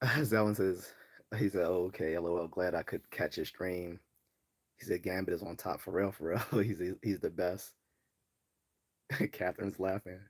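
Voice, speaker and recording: A man's voice: deep voice, steady tone, unhurried, breathy edge. A man from Baltimore hosting a casual livestream, reading chat comments aloud and rambling with many fillers and restarts. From Baltimore, US East Coast. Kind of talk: casual live-stream chat.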